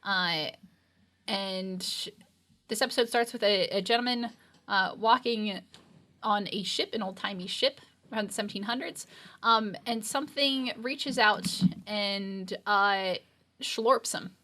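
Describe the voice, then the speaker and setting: Woman, reaction show co-host, bright voice, casual chat, lots of ums. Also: mid-range voice, unhurried. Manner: rambling, filler-heavy recap.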